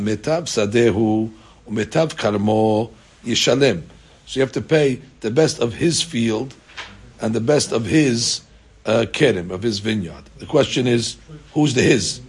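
A man's voice: mid-range voice, moderate pace, slightly rough. A man teaching a daily Talmud class, reading out Aramaic text and explaining it in casual English with rhetorical questions and many fillers.

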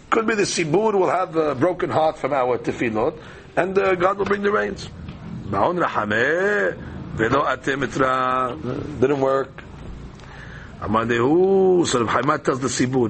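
Guy teaching talmud, reads the aramaic then explains it in plain english, slightly high voice, bit of hiss behind. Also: animated, unhurried, creaky, fairly bright tone. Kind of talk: daily Talmud class, reading and translating.

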